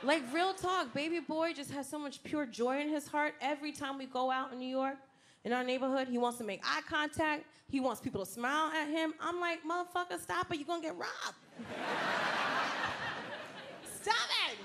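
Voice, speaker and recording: A woman's voice: sits high, brisk. A woman doing stand-up, a mother joking in a sassy, profane, conversational way. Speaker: stand-up comedian. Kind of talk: stand-up routine. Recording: loud background noise.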